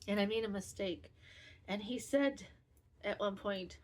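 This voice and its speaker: A woman in her fifties hosting a knitting podcast, talking candidly and self-critically in a rambling, casual way. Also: medium pitch. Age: 50s. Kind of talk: casual personal chat.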